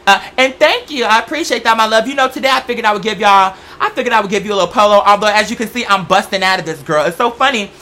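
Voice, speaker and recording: Sassy, campy man with a bright voice. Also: high voice, fast, hardly any pauses. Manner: sassy, campy, profane, chatty. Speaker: show host. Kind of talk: casual comedic monologue.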